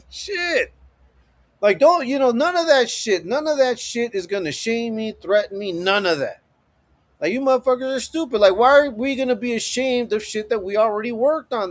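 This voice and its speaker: A man hosting his own live stream, giving profane, swaggering motivational talk with frequent laughter. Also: extremely high pitch. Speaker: livestream host. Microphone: streaming setup.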